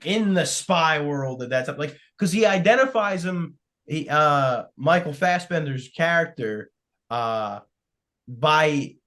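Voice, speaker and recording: A man in casual podcast chat, his voice sitting a little high for a man. He rambles through his points with lots of fillers and restarts. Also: animated, slow pace, fairly bright tone. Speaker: podcast host. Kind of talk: casual film discussion.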